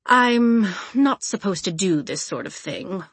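A woman voicing a cheerful, knowing male tunnel keeper who speaks low and easygoing, quietly confiding, in a storybook reading. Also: expressive, slow, husky, no echo, exaggerated voice.

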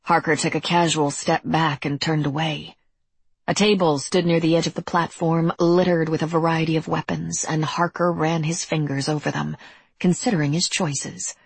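A woman narrating a dark fantasy audiobook in a measured, even storytelling manner. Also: low-pitched, vocal fry, slightly rough, dry recording.

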